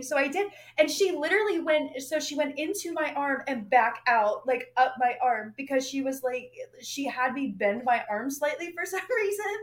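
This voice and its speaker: Female podcast host, wry chatty storyteller, slightly high voice, roomy echo. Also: normal speed, few pauses. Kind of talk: casual chat.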